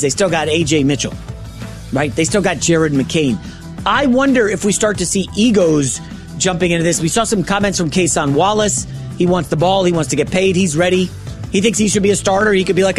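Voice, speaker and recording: A middle-aged man filling in as a sports radio host, talking in an excitable, rambling way with quick self-corrections, in a radio studio. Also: sits high.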